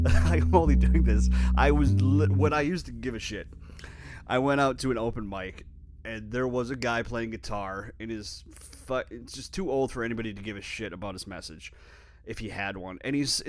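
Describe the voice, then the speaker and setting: A man's voice: medium pitch, moderate pace. A man from Minnesota hosting a rambling, profane, self-deprecating solo podcast while playing guitar. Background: his own guitar playing.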